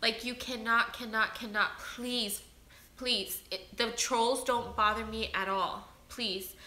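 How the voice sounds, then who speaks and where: A woman's voice: fairly high pitch, pushed and bright. A woman hosting a livestream, reading viewer entries aloud and talking to her audience in an emotional, pleading, earnest way. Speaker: livestream host. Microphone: webcam or phone on a livestream. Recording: roomy echo.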